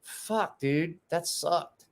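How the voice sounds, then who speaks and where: A man's voice: on the high side, very slow, vocal fry. A man hosting a live stream, telling stories and swearing freely in casual chat. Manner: animated storyteller, swears freely. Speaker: livestream host.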